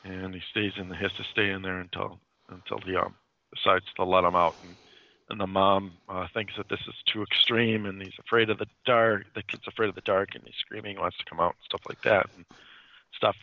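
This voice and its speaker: With a low, level voice, a brisk pace, and vocal fry, a man casually retells a horror comic story, rambling with many fillers and restarts. The recording sounds dull, dry, and lo-fi.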